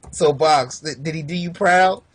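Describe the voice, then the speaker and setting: A man's voice: a little high, fairly bright tone. A man co-hosting a casual movie review podcast, bantering in an easygoing, chuckling way. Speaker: podcast co-host.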